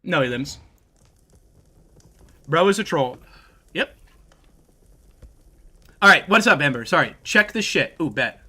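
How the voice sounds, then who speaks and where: A man livestreaming a game and chatting with his viewers, brash and quick to swear and trash-talk. His voice sits high, with a forceful, bright edge. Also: lively intonation, husky. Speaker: game streamer. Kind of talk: casual livestream talk to chat.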